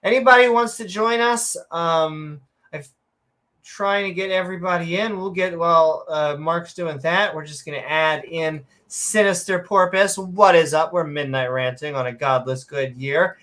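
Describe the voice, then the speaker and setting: A woman's voice: fairly low pitch, moderate pace, a bit bright. A woman hosting a casual livestream chat, bubbly and rambling, laughing often. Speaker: host.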